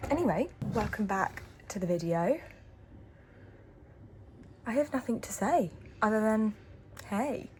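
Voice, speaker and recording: A woman's voice: medium pitch, lively intonation, measured pace, long pauses, darkish tone, slight background noise. A young woman, chatting casually to her camera in a rambling vlog, full of ums and little laughs. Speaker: vlogger. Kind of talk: casual chat. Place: home. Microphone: handheld camera.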